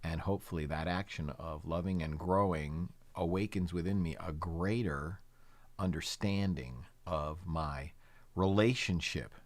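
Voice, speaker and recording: A man minister giving a calm, reflective spiritual talk, speaking slowly with gentle pauses and leading his listeners in prayer. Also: a bass voice. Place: in the United States.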